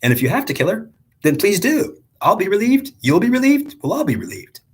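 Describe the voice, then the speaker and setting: A man speaking as a stern, protective male god in forceful, rising declarations. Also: high voice, big pitch swings, brisk, husky, voice pushed up, full character voice.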